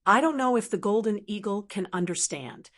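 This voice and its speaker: A woman's voice: mid-range voice, moderate pace, fairly bright tone, natural voice. A woman voicing a wry, amused young male martial hero in an audiobook, speaking in a teasing way. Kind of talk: audiobook character reading.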